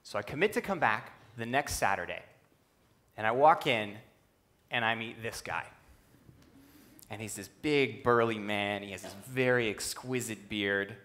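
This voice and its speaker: A young man giving a talk on a stage, telling a personal story with humor and an animated delivery. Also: unhurried. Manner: animated, humorous, acts out quotes in a lowered voice. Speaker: speaker at a youth conference talk. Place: stage before a live audience.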